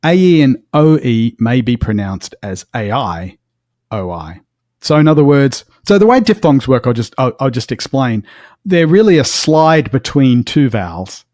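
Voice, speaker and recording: A man's voice: medium pitch, very animated, a little slow, a little mellow, no room sound, clean studio sound. A man co-hosting a podcast, explaining pronunciation step by step in a casual, careful way. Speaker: podcast co-host.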